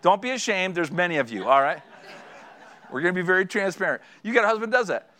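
A middle-aged male pastor delivering a sermon, lively and joking as he acts out little scenes from married life. His voice sits a touch higher than most men's. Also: quick pace. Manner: animated storytelling, acting out conversations; joking, draws audience laughter.

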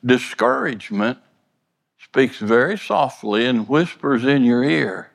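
Slow, earnest preacher in a reverberant hall. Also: male voice, medium pitch, creaky. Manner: earnest, repeats words and stammers; folksy, plainspoken. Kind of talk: sermon.

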